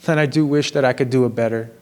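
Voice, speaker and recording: A man in an earnest, apologetic personal monologue, speaking slowly and in a measured way, recorded in a gym. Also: medium pitch, fairly even intonation, darkish tone. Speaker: vlogger sharing personal confessions.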